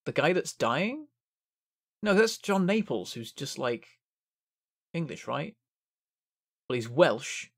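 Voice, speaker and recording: A man's voice: fairly high pitch, big pitch swings, slow pace, vocal fry, pauses often. A man giving casual gameplay commentary, thinking aloud as he works things out. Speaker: game streamer.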